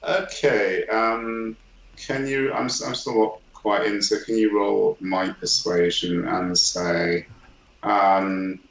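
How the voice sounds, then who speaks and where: A hesitant man talking through an online tabletop game. He speaks very slowly in a lowish voice. The sound is echoey, as in a bare room. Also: fairly even intonation, creaky, fairly bright tone. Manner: hesitant, many ums. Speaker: player. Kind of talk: casual game chat.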